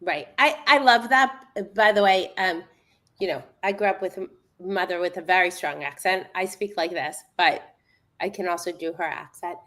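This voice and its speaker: A woman's voice: fairly low pitch, moderate pace, fairly bright tone. A woman hosting an interview, speaking in an enthusiastic, encouraging way. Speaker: host. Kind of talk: conversational interview.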